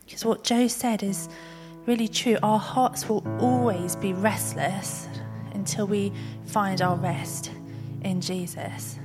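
A woman gently leading a congregation in prayer and response. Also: medium pitch, fairly even intonation, takes it slowly, music in the background. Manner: gentle, inviting. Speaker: worship leader.

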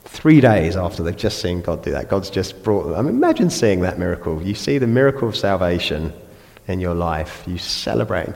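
A man's voice: sits low, fairly quick, creaky. English male preacher in a reverberant church. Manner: animated, acts out voices of people praying and grumbling. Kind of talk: sermon. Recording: long reverb of a church hall.

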